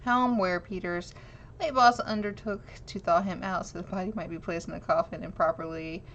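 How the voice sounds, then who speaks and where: A woman's voice: on the low side, fairly even intonation, moderate pace, fairly bright tone. A woman chatting with viewers on a live stream, reading an old news clipping aloud and giggling at herself. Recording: slightly dull lo-fi stream audio with faint noise.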